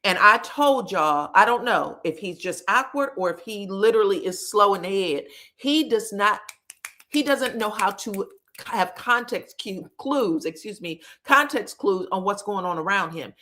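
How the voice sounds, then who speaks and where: A woman's voice: medium pitch, measured pace. A woman giving a casual gossip recap of a reality show, acting out the cast's lines with frank cursing. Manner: animated, acts out quotes, frank cursing.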